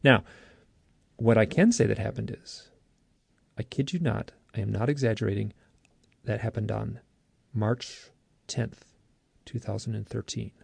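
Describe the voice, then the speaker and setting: Gravelly-voiced man telling an earnest story. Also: lowish voice, unhurried, long pauses, dry recording. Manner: earnest, lively, self-interrupting. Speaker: author and guest. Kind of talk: animated storytelling.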